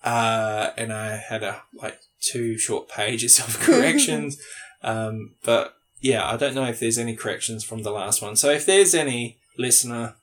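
A man's voice: medium pitch, lively intonation, measured pace, few pauses. Crude, joking man co-hosting a podcast. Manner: crude, joking, swears freely. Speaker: podcast co-host. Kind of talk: casual podcast banter.

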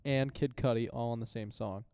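A man's voice: mid-range voice, steady tone, normal speed, warm tone, clean tone, no echo. A young man from Minnesota co-hosting a casual podcast, teasing with dry humor. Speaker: podcast co-host. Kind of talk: casual chat.

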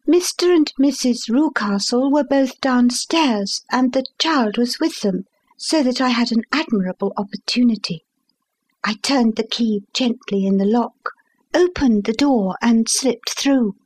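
A woman with a high voice narrates a classic tale in the first person. Her reading is measured and expressive, paced like a storyteller. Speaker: audiobook reader.

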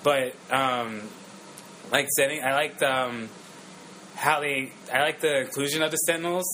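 Brief: relaxed young male co-host, bright tense tone, slight background hiss. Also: mid-range voice, a little slow, poor audio. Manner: laid-back, swears casually. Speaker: podcast co-host. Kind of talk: casual movie review chat.

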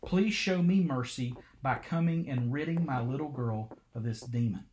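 A man's voice: medium pitch, normal speed, darkish tone, a little hiss or hum, close to an everyday voice. A man voicing a desperate mother, pleading urgently for help for her child.

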